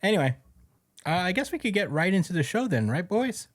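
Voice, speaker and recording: A man's voice: high voice, sing-song, brisk. A man hosting a podcast, casually recapping a manga chapter in a loose, profane way and chuckling as he goes. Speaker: podcast host.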